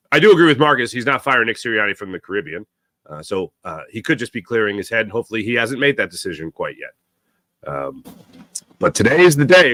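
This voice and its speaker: Bright, opinionated male sports talk host. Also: dry recording, clean studio sound. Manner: rambling and opinionated, with many fillers and self-corrections; gets louder and higher when worked up. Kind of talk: solo sports talk commentary.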